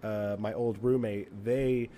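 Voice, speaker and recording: A man's voice: on the low side, steady tone, slow pace, mellow, a little hiss or hum. A man who is a podcast guest and sketch comedian, telling stories in casual chat, rambling with lots of fillers and frequent laughs.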